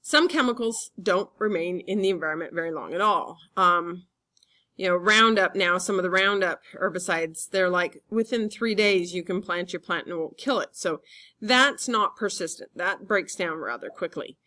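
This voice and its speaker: A woman teacher giving a relaxed classroom lecture, chatty and full of fillers. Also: lowish voice, normal speed.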